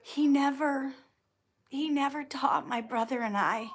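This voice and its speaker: A woman hosting a casual livestream, clearing her throat often and restarting her sentences as she tells a personal story, sounding teary. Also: high-pitched, a little slow. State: teary, emotional. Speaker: YouTube channel host answering viewer questions.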